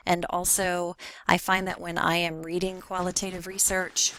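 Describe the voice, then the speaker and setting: Hesitant woman with a lowish voice. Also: little pitch movement, unhurried, bright, forceful tone, dry recording, poor audio. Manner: hesitant, stumbling over words with fillers. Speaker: faculty member taking a graduate class. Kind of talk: recorded self-introduction for a class.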